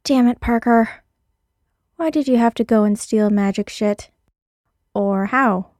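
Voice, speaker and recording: A woman's voice: fairly high pitch, a little slow, a little mellow, no room sound, clean studio sound, natural voice. A woman voicing Hardison, a sarcastic, exasperated male hacker, in a read-aloud story. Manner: incredulous, complaining.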